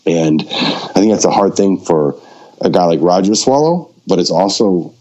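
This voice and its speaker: A man with a very low voice tells a story in a relaxed, conversational way and slips into the voices of the people he quotes. The audio is dull and lo-fi, with the top end rolled off. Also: normal speed. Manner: animated, acts out quoted dialogue. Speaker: documentary filmmaker, podcast guest. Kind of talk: casual storytelling.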